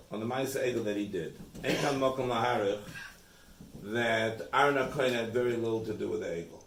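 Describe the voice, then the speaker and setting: A man teaching an informal Torah class in a home, halting and repeating himself, with Hebrew terms mixed in. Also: medium pitch, vocal fry. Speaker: rabbi giving a Torah class. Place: room in a private home. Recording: echoey room, distant mic, faint noise.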